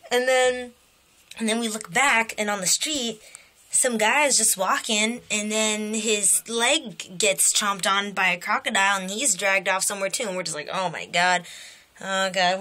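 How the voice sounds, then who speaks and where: A young woman with a bright, sharp tone tells a dream straight to her camera in easy, casual speech. When she quotes people, her voice leaps up high, so the telling sounds lively and full of little voices. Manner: animated storytelling with quoted voices jumping high in pitch. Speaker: vlogger. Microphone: camera mic.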